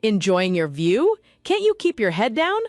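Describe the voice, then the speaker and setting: Woman doing a shrill, haughty noble boy. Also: huge pitch swings, moderate pace, no echo, clean studio sound. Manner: shouting, indignant, lecturing.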